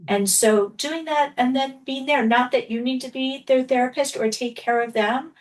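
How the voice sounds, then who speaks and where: A middle-aged woman physician chatting casually on a panel, animated and peppered with "like", speaking on a video call. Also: high voice, normal speed. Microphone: video call laptop mic. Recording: distant laptop mic on a video call.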